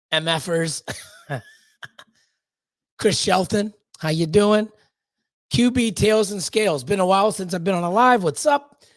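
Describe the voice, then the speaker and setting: A man's voice: high voice, no echo. A man hosting a live stream, greeting chat viewers one by one in a rambling, loose way with lots of fillers. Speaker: livestream host.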